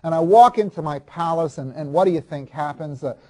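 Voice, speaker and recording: A man playing a proud ancient king in a first-person monologue, confiding and halting, restarting and repeating his words. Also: fairly high pitch, darkish tone, lightly acted. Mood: brooding. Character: proud ancient king recalling his marriage, self-justifying.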